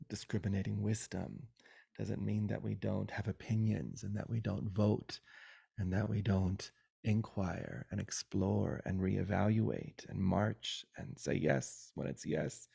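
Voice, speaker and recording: A man giving a spiritual satsang talk over a video call, soft and unhurried, often dropping to a whisper. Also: low-pitched, gravelly, slightly rough, dry recording, clean studio sound. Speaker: spiritual teacher.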